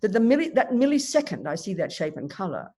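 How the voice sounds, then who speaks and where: A woman teaches a dharma talk with emphatic, animated delivery, leaning on vivid everyday examples. Her voice is husky and a little breathy, sitting at a middle pitch. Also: quick pace. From Australia. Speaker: Buddhist nun teacher.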